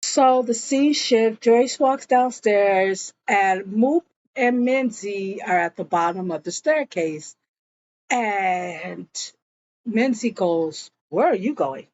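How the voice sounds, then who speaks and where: A woman's voice: mid-range voice, slow, darkish tone. A woman recapping a TV episode in a chatty, gossipy storytelling way, on a dull, muffled recording. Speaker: TV show recapper.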